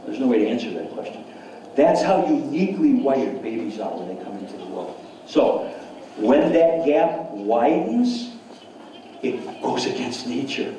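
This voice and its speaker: A man's voice: medium pitch, very animated, a little slow, dark tone, slight background noise. A man giving a seminar lecture to an audience, enthusiastic, often repeating words and putting questions to the listeners. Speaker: seminar speaker. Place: seminar hall. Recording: echoey hall, speaker far from mic.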